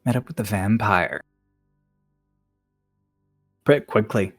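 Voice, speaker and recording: A man's voice: lowish voice, slow, a bit bright, no echo, clean studio sound, full character voice. A man voicing a laid-back, blunt woman with a Cockney accent, speaking in clipped, offhand slang over faint music.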